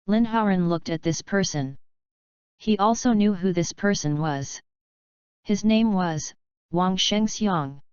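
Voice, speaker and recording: A woman with a low, very smooth voice narrates a fanfiction audiobook in an even, matter-of-fact way. The recording is bone-dry and a bit dull, with a lo-fi edge. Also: no room sound. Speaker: audiobook reader.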